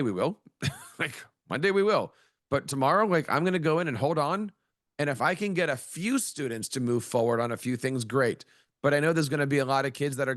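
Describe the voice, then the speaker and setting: A man's voice: medium pitch, dry recording, studio quality. A middle-aged man, an educator who is a guest on a podcast, telling stories in a chatty way and acting out the voices of people he quotes. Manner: storytelling, acts out quoted voices. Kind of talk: conversational interview.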